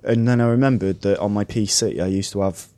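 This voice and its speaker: A man's voice: fairly low pitch, brisk, dark tone. A man with a Mancunian accent co-hosting a casual podcast, telling stories in a chatty, rambling way and reading out listener answers. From Manchester, England. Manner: chatty, rambling, laughs often. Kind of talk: casual chat.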